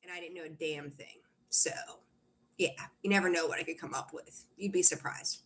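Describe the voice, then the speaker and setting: A woman's voice: low voice, steady tone, moderate pace, fairly bright tone, slight background noise. A woman hosting a live tarot stream, rambling casually with lots of fillers and restarts while greeting viewers. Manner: chatty, rambling, reads out viewer comments; frequent fillers and self-corrections. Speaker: tarot reader hosting a livestream. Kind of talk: casual livestream chat.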